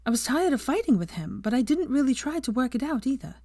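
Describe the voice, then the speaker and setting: A woman voicing an earnest young adult witch who speaks softly, often near a whisper. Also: high-pitched, very animated, fast, no echo, studio quality, pitched above the performer's own voice, full character voice. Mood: wistful.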